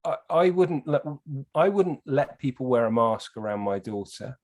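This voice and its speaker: Man, podcast guest, lively storyteller who swears a lot. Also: mid-range voice, normal speed. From England. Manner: animated storyteller, swears freely. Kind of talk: casual podcast chat.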